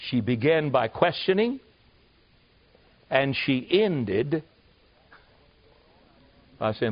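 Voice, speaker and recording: An American man preaching a revival sermon, telling stories and building to loud emphatic peaks before dropping low. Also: big pitch swings, slow pace, pauses often. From United States. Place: church service with a congregation. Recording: dull lo-fi recording.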